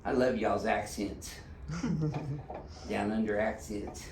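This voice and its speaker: A man's voice: fairly low pitch, steady tone, takes it slowly. A man, a chiropractor joking and giving instructions to a patient while he treats her. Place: treatment room in a clinic. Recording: roomy clinic room, mic at a distance, background noise.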